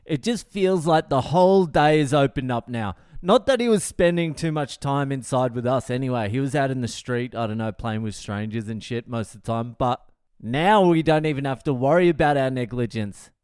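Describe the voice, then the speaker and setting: A comedian hosting his own podcast, telling a story in a profane, wry, deadpan way with lots of swearing. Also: mid-range voice, moderate pace, smooth, dry recording, studio quality. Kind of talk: comic storytelling monologue.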